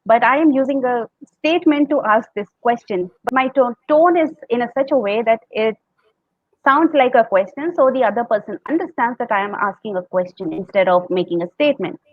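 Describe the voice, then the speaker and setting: Speaking briskly in a fairly high voice, an Indian English woman on a podcast walks through public speaking tips, demonstrating sample tones and laughing often. The sound is phone-quality with no room sound.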